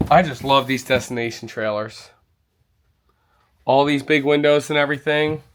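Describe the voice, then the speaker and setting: A man's voice: mid-range voice, moderate pace, a little hiss or hum. A man touring an indoor RV show, giving an enthusiastic walkthrough and exclaiming over features. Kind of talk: walkthrough vlog.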